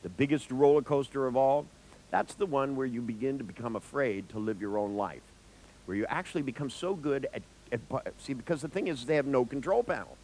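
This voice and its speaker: A man's voice: medium pitch, fairly quick, a little hiss or hum, low-quality recording. A therapist giving a live seminar talk to an audience, joking and speaking straight to listeners as he explains. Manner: animated, joking, acts out dialogues with clients.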